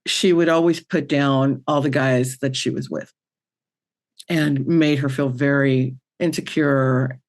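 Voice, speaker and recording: A woman's voice: a bass voice, steady tone, slow. Chatty woman, earnest storytelling guest. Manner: chatty and earnest, with many fillers and restarts. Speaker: spiritual medium guest. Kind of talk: conversational storytelling in an interview.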